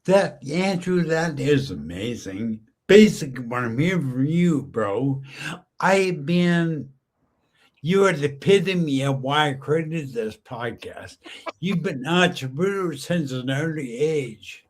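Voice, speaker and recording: A man's voice: a little high, animated, takes it slowly. A man hosting a podcast interview, enthusiastic and full of praise for his guest. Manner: enthusiastic, complimentary. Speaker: podcast host. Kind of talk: casual interview.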